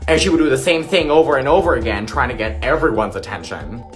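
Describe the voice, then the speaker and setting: A storyteller delivers a short anecdote with sassy, deadpan punchlines. The voice sits at a middle pitch. Faint music plays underneath. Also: fast. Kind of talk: casual storytime.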